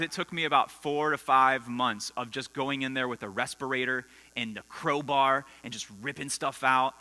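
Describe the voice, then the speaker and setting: In a school assembly hall, a man delivers a conversational sermon to students, telling stories and quizzing the audience. His mid-range voice sounds pushed and bright. The recording has long hall reverb and mains hum.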